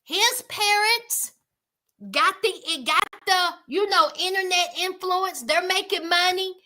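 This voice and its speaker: Woman on a livestream, real high voice, talks slow, calls out viewers by name. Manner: animated, exclaiming, addresses viewers by name. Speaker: livestream host. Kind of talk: casual commentary chat with viewers.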